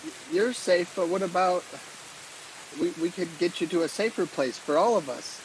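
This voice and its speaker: A man playing a tabletop game in character, earnest and halting with many fillers. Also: high-pitched, expressive, slight background noise, poor audio. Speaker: player.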